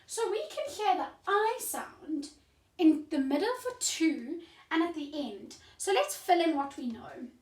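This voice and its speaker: A woman teaching a phonics lesson to young children in a slow, clear teacherly voice, sounding out letters, heard from a distance in a roomy space. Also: extremely high pitch, animated. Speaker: primary school teacher.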